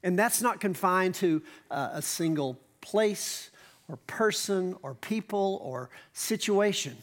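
A male pastor, giving a conversational sermon with asides and slow emphatic phrases. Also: sits high, animated. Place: church stage.

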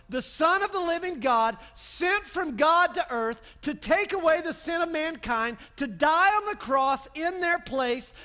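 A man's voice: extremely high pitch, bright, forceful tone. A man pastor preaching a sermon in an emphatic manner, building long repeated lists.

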